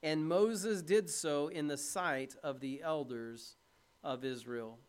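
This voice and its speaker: High-voiced man preaching a sermon. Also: slow, smooth. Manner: earnest, plain-spoken preaching with questions to the congregation. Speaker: pastor. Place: church.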